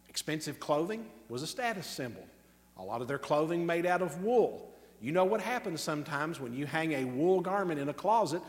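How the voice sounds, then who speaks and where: Pastor guy preaching, kinda high voice, leans hard on words then rushes the asides, big echoey hall. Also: fairly bright tone. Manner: emphatic, with slow stressed words and quick asides. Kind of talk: sermon.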